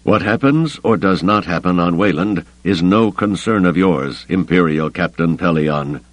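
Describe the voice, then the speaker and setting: A man voicing an unstable older male Jedi Master who speaks slowly and imperiously, in an audiobook reading. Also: sits low, no echo. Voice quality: slow, deliberate, commanding.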